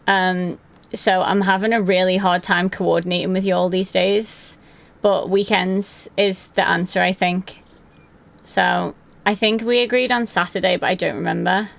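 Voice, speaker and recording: Rambly young woman with a gravelly voice. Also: on the low side, fairly even intonation, a little slow. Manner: chatty, rambling, answers chat by name. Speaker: live streamer. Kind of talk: casual live-stream chat. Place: her room at home.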